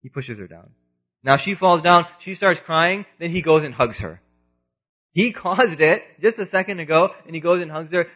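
A man in his thirties giving an earnest religious lecture, moving between loud emphasis and quiet asides, in a dull lo-fi recording. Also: on the high side, moderate pace. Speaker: preacher.

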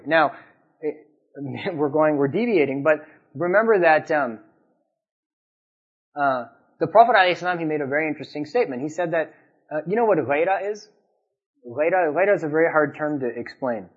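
A man's voice: fairly high pitch, expressive, moderate pace, pauses often. Man preaching in a dull lo-fi recording. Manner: conversational, anecdotal, asks the audience questions. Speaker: Islamic preacher. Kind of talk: sermon.

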